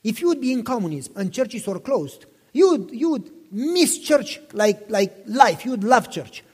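A man's voice: extremely high pitch, very animated, measured pace, darkish tone, husky. A pastor in his fifties preaching a sermon, telling personal stories with passion, repeating himself and asking listeners questions. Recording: long reverb in a hall.

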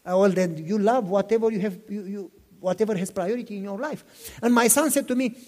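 High, animated preacher man in a hall. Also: a little fast. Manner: impassioned storytelling, repeats himself, asks listeners questions. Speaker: pastor. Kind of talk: sermon. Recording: long reverb in a hall.

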